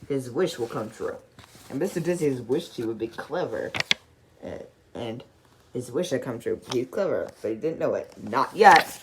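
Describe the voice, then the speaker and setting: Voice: mid-range voice, background noise. A reader giving a casual storybook read-along, giggling often and stumbling over words.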